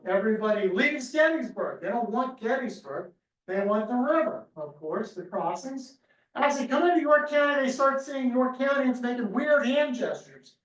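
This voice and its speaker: A high-voiced man tells history as a lively story in a lecture room. He sounds set back from the mic, and the room echoes around him. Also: distant mic. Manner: storytelling, acts out crowd cries. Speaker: history speaker.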